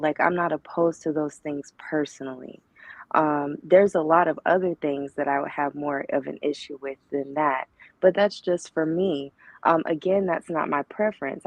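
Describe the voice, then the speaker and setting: A woman calling in to a chat show, speaking in a soft, light voice and in a thoughtful way. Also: sits low, no echo, low-quality recording. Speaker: caller. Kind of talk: casual call-in chat.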